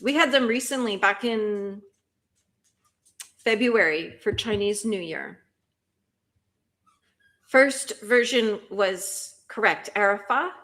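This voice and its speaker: A woman's voice: medium pitch, slow pace, pauses often, fairly bright tone. A woman hosting a cozy productivity livestream, chatting casually and answering viewer comments with lots of questions and frequent laughter. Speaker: livestream host.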